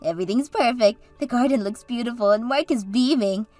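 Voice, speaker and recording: A woman's voice: on the high side, brisk, warm tone, soft background music, close to an everyday voice. A woman voicing Katie, a bubbly and encouraging sister and maid of honor, in a scripted story drama. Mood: cheerful.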